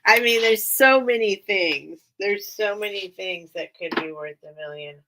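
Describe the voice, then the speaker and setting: A woman's voice: mid-range voice, unhurried, hardly any pauses, pushed and bright. A woman hosting a live online sale, chatting casually and rambling as she shows off her items, often breaking into giggles. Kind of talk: casual live-stream sales chat.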